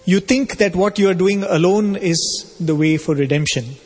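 A man speaking as a calm, virtuous housewife in a spiritual story, gently correcting a proud monk. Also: high voice, moderate pace, breathy edge, long reverb tail.

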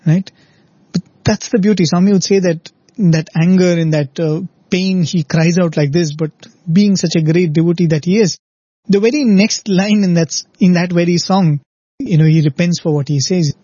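A man's voice: sits high, normal speed, dark tone, husky, no room sound. A man giving a reflective devotional talk, explaining through stories and often checking in with "right?". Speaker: devotional speaker. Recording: dull lo-fi recording.

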